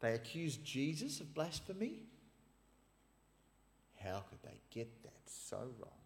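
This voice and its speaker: A man's voice: medium pitch, sing-song, takes it slowly. A man preaching a sermon, retelling scripture in an emphatic, storytelling way with casual asides. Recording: long reverb of a large hall.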